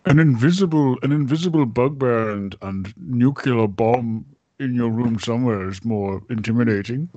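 A man's voice: mid-range voice, normal speed, mellow, no room sound, dull audio. A man in a tabletop game who jokes and reasons through plans. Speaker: player. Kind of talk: casual game chat.

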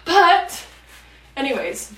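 Her high voice swings widely in pitch, draws out words and has a fairly bright tone. She's a late-teen podcast host who chats casually and rambles with many fillers. The distant mic catches her in an echoey room.

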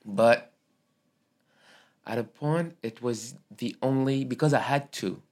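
Halting man. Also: medium pitch, a little mellow. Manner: halting, searching for words. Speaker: podcast host. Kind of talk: casual interview chat.

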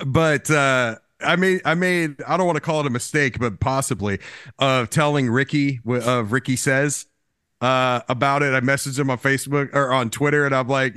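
A man co-hosting a music podcast, talking fast and loose with plenty of laughs and casual swearing. His voice sits mid-range and the sound is dry and close. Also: medium pitch, pushed and bright, smooth, no echo. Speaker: podcast co-host.

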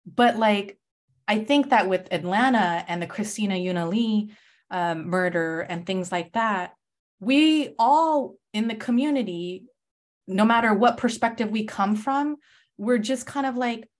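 Impassioned woman telling her story. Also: mid-range voice. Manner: impassioned, emphatic, fast bursts. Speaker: self-defense coach guest. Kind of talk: podcast interview, personal storytelling.

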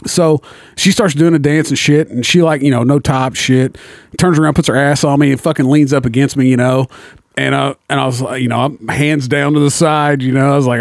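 A man tells a crude story in a relaxed chat, swearing often and laughing at his own punchlines. His voice sits at an ordinary pitch. The sound is dry and close. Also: brisk, dry recording.

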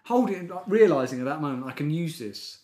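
Lively fast-talking man. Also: a little high. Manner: quick, animated and jokey. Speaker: podcast co-host. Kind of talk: casual comedic chat.

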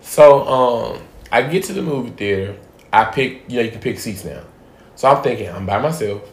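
A man hosting a casual podcast, telling a profane story with animated swings between loud bits and hushed asides. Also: mid-range voice, moderate pace. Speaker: podcast host. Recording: echoey room.

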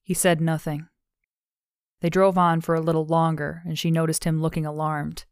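A woman narrating an audiobook in measured, even storytelling, recorded on a close studio mic. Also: low-pitched, clear, resonant tone, no echo.

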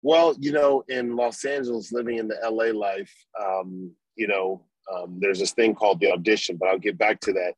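Husky-voiced former football player telling stories. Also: male voice, lowish voice, normal speed, hardly any pauses, no room sound, poor audio. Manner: animated storyteller, acts out his own past thoughts. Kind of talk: storytelling interview.

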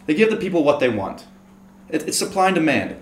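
A man's voice: a little high, big pitch swings, brisk, roomy sound, slight background noise. A man from Pittsburgh on a casual podcast, ranting in a fired-up way and laughing at himself. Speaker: podcast co-host. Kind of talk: casual chat.

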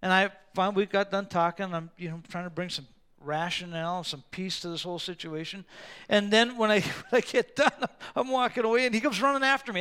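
Male pastor, high voice, smooth and resonant, lively storyteller who booms at key points. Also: brisk. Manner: animated storytelling, sometimes roaring for emphasis. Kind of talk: sermon.

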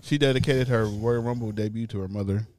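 A man's voice: lowish voice, brisk, a crowd in the background. A man hosting a podcast, reading out news items and chatting in a laid-back way. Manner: laid-back, reads headlines then chats. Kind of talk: casual podcast banter.

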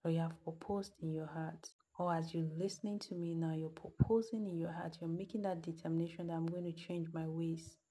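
A woman's voice: low voice, steady tone, brisk, few pauses, warm tone, a little hiss or hum. A woman telling a moral story, then earnestly questioning her listeners like a preacher. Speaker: podcast host. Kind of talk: storytelling and motivational address.

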